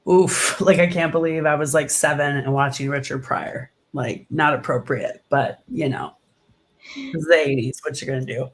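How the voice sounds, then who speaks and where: A woman's voice: low-pitched, moderate pace. Chatty woman stand-up comic as interview guest, gushing, filler-heavy, laughs easily. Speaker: comedian guest. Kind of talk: casual interview chat.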